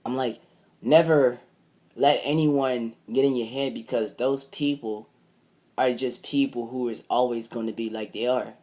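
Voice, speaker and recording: A man's voice: medium pitch, steady tone, measured pace, mellow. A young man vlogging a casual, rambling story, swearing freely and retelling it line by line. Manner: rambling, profane, retells with "I'm like".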